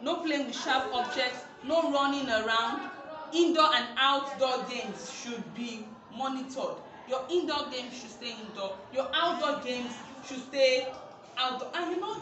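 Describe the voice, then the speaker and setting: A woman teacher, giving an online safety lesson to young children, slow and emphatic, repeating her points. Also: high voice. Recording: very echoey room, faint noise.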